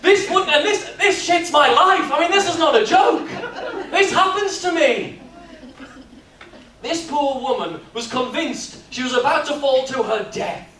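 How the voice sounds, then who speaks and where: A man, speaking at a business workshop and telling stories in a lively, jokey way. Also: extremely high pitch, unhurried. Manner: lively storyteller, jokey and animated. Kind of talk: live workshop talk with comic storytelling. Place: expo hall. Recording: echoey hall, mic from far off.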